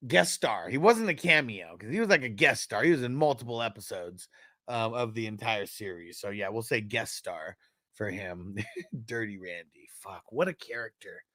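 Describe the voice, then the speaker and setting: A man's voice: fairly low pitch, expressive, moderate pace, bright, forceful tone, dry recording, studio quality. A man hosting a fantasy football live stream in loose, casual chat, laughing often and swearing freely as he talks.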